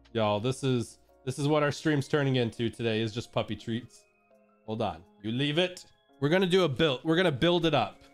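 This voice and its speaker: A man casually chatting on his live stream while playfully coaxing his dogs through a treat trick, laughing often. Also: fairly high pitch.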